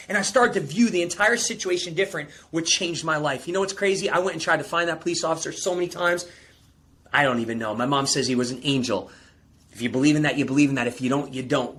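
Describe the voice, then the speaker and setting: Intense storytelling coach, high-pitched man. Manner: intense, rising to near-shouting peaks, calls listener bro. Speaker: performance coach and guest. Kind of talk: emotional personal storytelling.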